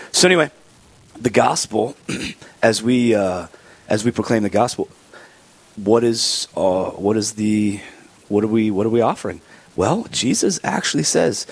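A man's voice: mid-range voice, expressive, moderate pace, husky, dry recording. A man talking casually in a vlog as a Christian speaker, rambling with many restarts and fillers.

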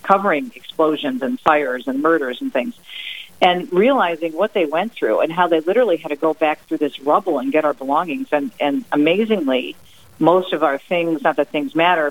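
A middle-aged woman from New Jersey speaks as a guest author on a radio interview. She tells stories emphatically and keeps them lively. She drops into quoted sayings with extra punch. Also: low-pitched, rough recording. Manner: lively, emphatic, acts out her mother's sayings. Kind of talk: radio interview, personal storytelling.

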